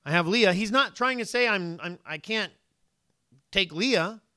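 Delivering a sermon, a man speaks in a high, bright, expressive voice at a measured pace, putting questions to his listeners and taking on the voices of the story's characters. The recording is close and dry, with no room sound and no echo.

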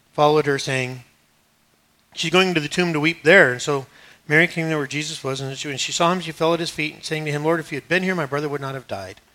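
Bright high-pitched male preacher. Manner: swings from hushed to emphatic, paraphrases scripture conversationally. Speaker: pastor. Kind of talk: sermon.

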